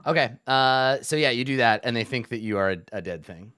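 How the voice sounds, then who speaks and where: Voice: medium pitch, a little fast, a bit bright, clean tone. A game master narrating a tabletop game in a rambling way, full of fillers.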